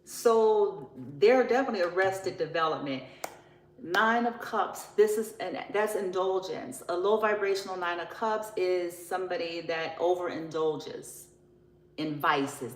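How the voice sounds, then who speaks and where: A woman's voice: lowish voice, steady tone, unhurried, reverberant, poor audio. A woman giving a casual tarot reading, blunt and profane, often laughing as she talks. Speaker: tarot reader.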